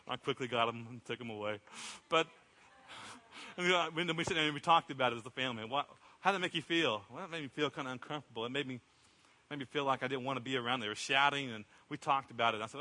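Bright-voiced male pastor in a reverberant hall. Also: mid-range voice, fast talker. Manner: conversational storytelling, acts out quotes. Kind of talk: sermon. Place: church sanctuary. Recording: long reverb from a church hall.

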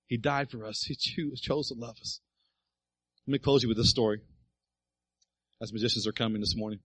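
A man's voice: medium pitch, fairly even intonation, fairly quick, fairly bright tone, no echo, low-quality recording. A middle-aged male pastor preaching a sermon, telling a family story and building to emphatic appeals.

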